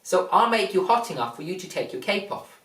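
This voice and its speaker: A speaker voicing a calm, confident, gentle sun in a retold fable, measured and reasoning, recorded from a distance in an echoey room. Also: medium pitch, lightly acted. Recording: echoey room, mic far off.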